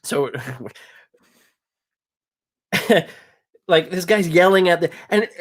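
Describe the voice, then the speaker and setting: A man's voice: sits high, very slow, a bit bright. Laid-back man telling a rambling story. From Canada. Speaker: guest musician. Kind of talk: casual storytelling chat.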